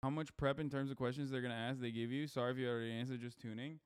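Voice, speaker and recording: A man's voice: medium pitch, fairly even intonation, racing, clear, resonant tone. Profane, rambling male streamer. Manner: loose, profane, rambling with fillers. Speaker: streamer host. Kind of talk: casual livestream chat, reading chat messages.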